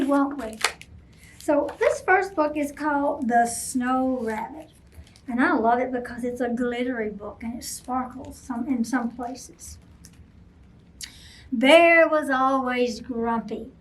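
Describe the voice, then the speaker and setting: A woman, a children's librarian, reading a picture book aloud at bedtime, gentle and expressive, asking the kids questions. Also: high-pitched, takes it slowly, slight background noise. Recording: voice from a distance off mic.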